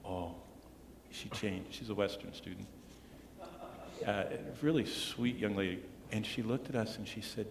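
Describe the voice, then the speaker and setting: A man preaching a sermon as pastor, earnest, often dropping to a hushed tone to stress a point. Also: medium pitch, sing-song, moderate pace, slight background noise. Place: church sanctuary. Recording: echoey church hall with long reverb.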